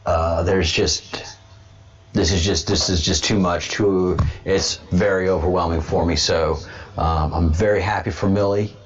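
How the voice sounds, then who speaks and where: A man with a fairly low voice hosts a casual political livestream. He rambles, repeats words and restarts his sentences as he goes. The sound is dull and lo-fi. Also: steady tone, measured pace. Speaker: host of a livestream show.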